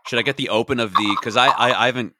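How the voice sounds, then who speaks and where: A man's voice: medium pitch, steady tone, racing, noisy background. A man co-hosting a podcast in easygoing, playful casual chat. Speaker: podcast co-host.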